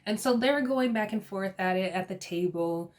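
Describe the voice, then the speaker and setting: A woman giving a casual, gossipy recap of a reality TV episode, chatty and quick to laugh. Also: medium pitch.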